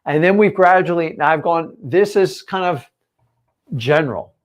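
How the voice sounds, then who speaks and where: Male coach, fairly high voice, punchy emphatic live-stream delivery, lots of rhetorical questions. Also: expressive, normal speed. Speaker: real estate coach.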